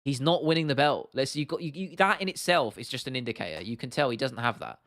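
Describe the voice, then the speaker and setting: A young man chatting on a livestream, giving blunt, opinionated takes and swearing freely. He often stops and restarts mid-sentence. His voice sits at an ordinary pitch and sounds close and dry, with no room around it. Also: lively intonation, quick pace, a bit bright, no echo. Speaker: livestream host. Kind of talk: casual livestream chat answering viewers.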